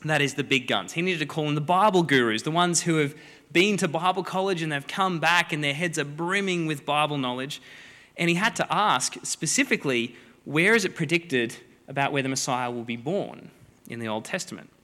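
A man preaching a sermon, a lively, joking storyteller who acts out the people in the story. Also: a little high, brisk. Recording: long hall reverb.

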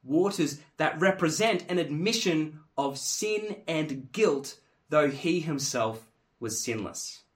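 A man preaching a sermon in an earnest, emphatic way, dropping to hushed tones and then rising to forceful stress. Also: a little high.

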